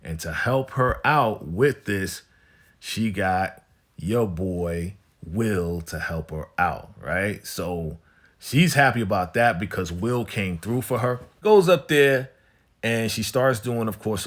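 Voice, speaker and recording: A man's voice: low-pitched, unhurried. A man casually recapping a TV episode in a laid-back, slang-filled way, often tagging his lines with "right?" and "you know".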